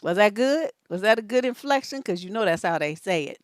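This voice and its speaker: An older woman who works as a relationship coach gives live stream commentary in an animated, cheeky way and laughs often. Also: medium pitch, a little fast, hardly any pauses, dry recording, studio quality.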